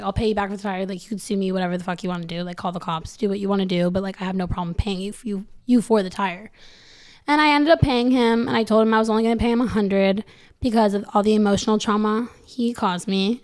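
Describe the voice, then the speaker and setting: A young woman chatting as a podcast guest. She tells her story loosely and rambles, leaning on "like" over and over. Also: mid-range voice. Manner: rambling, fills every phrase with "like". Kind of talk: casual storytelling.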